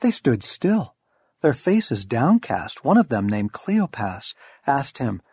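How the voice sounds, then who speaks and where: A man's voice: mid-range voice, sing-song, takes it slowly, a little mellow, breathy edge, no echo. A middle-aged man reading a devotional book aloud, with wry, storytelling emphasis. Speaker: audiobook narrator. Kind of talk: scripted devotional narration.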